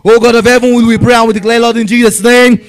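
A man with a strikingly high voice leads a congregation in prayer. He chants his lines and swells into shouts. He speaks as a pastor in fervent, repetitive declarations. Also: little pitch movement, fast, low-quality recording. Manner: drops lower and quieter reading scripture.

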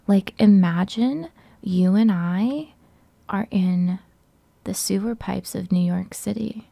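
A woman's voice: medium pitch, slow pace, gravelly, warm tone. A woman live streamer in casual chat with her viewers, cursing through crude mock rants.

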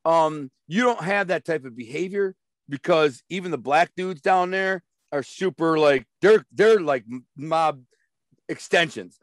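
A man's voice: on the high side, unhurried, no room sound, studio quality. A man telling stories as an interview guest, blunt and streetwise, rambling and repeating words as he goes. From Detroit. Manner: rambling, repeats words, acts out quoted voices. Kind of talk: storytelling in a casual interview.

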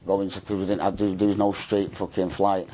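A man's voice: sits low, flat delivery, a little fast, warm tone, a little hiss or hum. A man telling his story in an interview, rambling and slangy, with a habit of repeating himself. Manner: rambling, slangy, repeats "mate" and "do you know what I mean". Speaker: interview guest.

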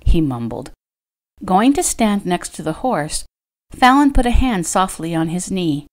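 A woman's voice: fairly low pitch, very animated, a little slow. A woman reading her own novel aloud as an audiobook, giving the characters light changes of voice. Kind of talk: audiobook narration.

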